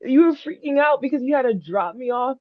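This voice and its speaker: A woman plays a lively young woman in a table read, her voice high and quick. The recording sounds dry and slightly dull. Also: dry recording. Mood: playful. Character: millennial daughter, playful and defensive. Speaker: Anna.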